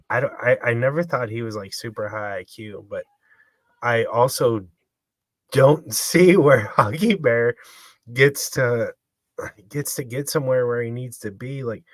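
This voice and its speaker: A man co-hosting a casual podcast, weighing fight picks in a measured, analytical way. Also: medium pitch, no room sound. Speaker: podcast co-host. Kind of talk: casual sports betting chat.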